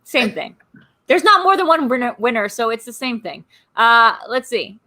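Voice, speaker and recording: A woman hosting a live stream, chatting casually and ranting in quick asides. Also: on the high side, animated, pushed and bright. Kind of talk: casual chat.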